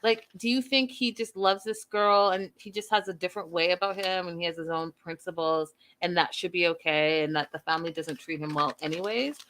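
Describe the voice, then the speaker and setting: A woman's voice: on the low side, fairly even intonation, a little fast, hardly any pauses, a bit bright, slight background noise. A woman hosting a TV recap show, chatting casually to her viewers in a gossipy, playfully dramatic way.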